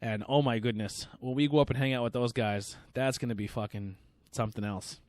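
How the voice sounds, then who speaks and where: A man hosts a casual beer podcast at an ordinary pitch, swearing often as he rambles through stories. His voice sounds dry and close, with little room sound. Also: fairly even intonation, fairly quick, darkish tone, no echo. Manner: profane, rambling storyteller. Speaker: podcast host. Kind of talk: casual chat.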